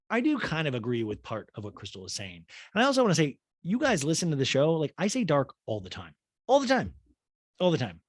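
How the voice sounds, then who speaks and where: A man hosting a podcast, recapping a reality show in an animated, sarcastic, profane way. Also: on the high side, brisk, dry recording. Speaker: podcast host.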